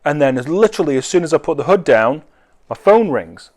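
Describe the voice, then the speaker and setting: A man's voice: a little high, big pitch swings, a little fast, darkish tone. A man who builds cars, telling a rambling anecdote with wry swearing. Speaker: car enthusiast. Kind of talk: casual anecdote.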